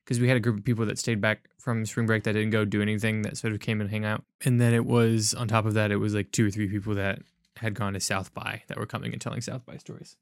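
A man's voice: lowish voice, flat delivery, fast, no room sound, studio quality. A young man in casual chat, telling a rambling story in a drowsy way.

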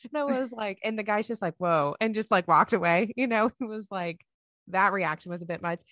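A chatty woman co-hosting a podcast, telling stories with lots of fillers and little acted-out quotes. Her voice sits at a middle pitch and sounds dry and close to the mic. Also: brisk, a bit bright, no echo. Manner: chatty storyteller, many fillers, acts out quotes. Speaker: podcast co-host. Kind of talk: casual chat.

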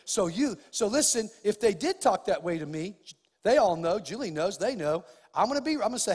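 High-voiced pastor preaching in a reverberant hall. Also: male voice, very animated, fairly quick, a little mellow, slightly rough. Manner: preaching with acted-out dialogue and rising emphasis. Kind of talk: sermon.

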